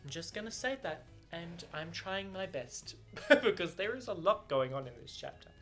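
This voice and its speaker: A man's voice: high-pitched, lively intonation, normal speed, a bit bright, soft background music. A man chatting casually on camera about a book he is reading, bubbly and giggly, with many fillers and restarts. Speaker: book reviewer. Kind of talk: casual book reaction chat. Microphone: camera mic.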